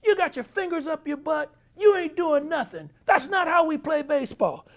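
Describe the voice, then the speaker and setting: A man impersonating a furious, foul-mouthed older baseball manager who scolds his team in a loud, gravelly voice. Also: high-pitched, sing-song, moderate pace, pitched above the performer's own voice. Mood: scolding. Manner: yelling, scolding.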